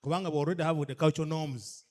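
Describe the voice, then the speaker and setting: A man's voice: on the high side, fairly even intonation, rapid-fire, darkish tone. A man with a Ugandan accent addressing cultural leaders, emphatic and full of rhetorical questions to the room, switching between English and a local language. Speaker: guest speaker at a leadership orientation. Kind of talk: addressing an audience.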